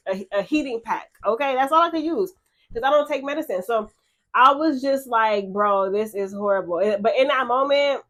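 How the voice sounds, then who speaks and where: A young woman talking in a casual confessional vlog, chatty and emotional, full of fillers and repeated words, frank and blunt. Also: a little high. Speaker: vlogger.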